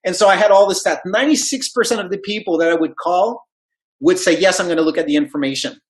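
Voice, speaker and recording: A man's voice: sits high, quick pace, low-quality recording. A man whose first language is not English gives a motivational talk about network marketing, telling stories and acting out the voices in them. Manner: animated storyteller, acts out quoted dialogue.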